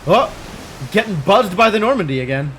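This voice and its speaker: A man's voice: high-pitched, big pitch swings, fairly quick, a bit bright, a little hiss or hum. A young man streaming a game live, chatting casually with wry, sarcastic asides while he plays. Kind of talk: casual live gameplay commentary.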